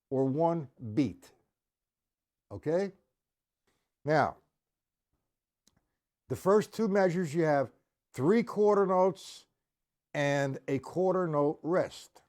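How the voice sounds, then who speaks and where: A man teaching drum rudiments on a live stream, talking straight to viewers in the chat and counting beats out loud with strong accents. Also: fairly high pitch.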